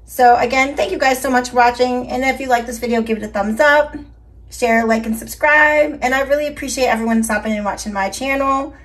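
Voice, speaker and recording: A woman's voice: high voice, fairly even intonation, brisk, fairly bright tone. A woman vlogger chatting casually through a shopping haul, upbeat and talking to her viewers, her voice a little scratchy. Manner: chatty, upbeat, addresses viewers as y'all and you guys. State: slightly scratchy voice. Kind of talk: casual haul video chat.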